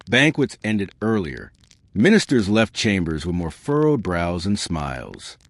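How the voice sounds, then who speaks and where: A man calmly narrating a slow bedtime history story, speaking softly and directly to the listener. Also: lowish voice, no room sound. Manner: calm, soothing, addresses the listener directly.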